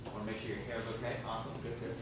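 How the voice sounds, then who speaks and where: An improv teacher running a class showcase, calling freezes and cues in a brisk, encouraging way. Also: medium pitch, completely flat delivery. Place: school theatre hall. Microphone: far room mic. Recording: echoey, distant, noisy hall recording.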